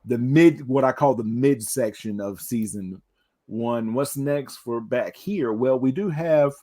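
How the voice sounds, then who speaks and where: A man's voice: mid-range voice, a little slow, warm tone. A man co-hosting a podcast in casual chat, with a wry, self-deprecating humor. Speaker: podcast co-host.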